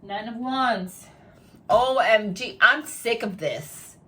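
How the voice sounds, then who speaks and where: A woman's voice: a little high, expressive, slow pace, bright, forceful tone, husky. A woman giving a tarot reading to her viewers, chatty and emphatic, repeating phrases again and again. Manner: chatty and spontaneous, talks straight to the viewer. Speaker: tarot reader.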